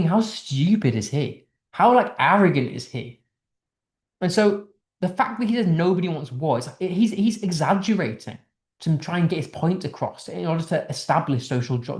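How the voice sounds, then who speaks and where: A man's voice: high voice, a little mellow, roomy sound. A man teaching English literature in a casual online lesson, explaining a text line by line in a chatty way with restarts, from the United Kingdom.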